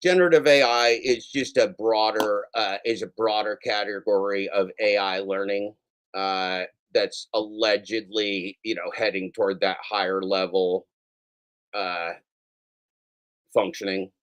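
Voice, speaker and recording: A man hosting a daily show in a casual, profane rant, swinging between yelling and soft apologies. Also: lowish voice, steady tone, measured pace.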